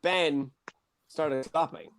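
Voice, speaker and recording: A man's voice: a little high, fairly even intonation, slow pace, fairly bright tone, clear, resonant tone. A man hosting a live-streamed comedy night, joking playfully with the comics. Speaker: comedy show MC.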